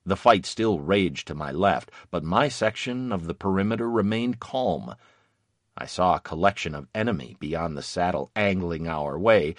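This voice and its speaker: A man narrating a first-person memoir in a measured, grave reading. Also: low-pitched, no room sound.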